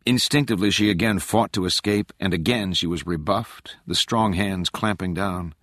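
Man reading an audiobook, lowish voice, dry, measured and dramatic. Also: a bit bright, dry recording. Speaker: audiobook narrator. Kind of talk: scripted audiobook narration.

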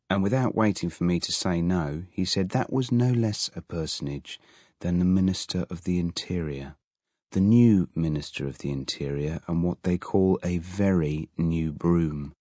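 A man's voice: sits low, moderate pace, a little mellow, dry recording. A man narrating an audiobook in a wry storytelling manner. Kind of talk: audiobook reading.

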